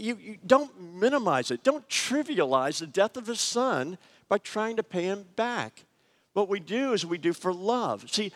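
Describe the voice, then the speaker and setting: A middle-aged man preaching a sermon, telling personal stories in a conversational, animated way with frequent fillers. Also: fairly high pitch. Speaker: pastor. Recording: long hall reverb.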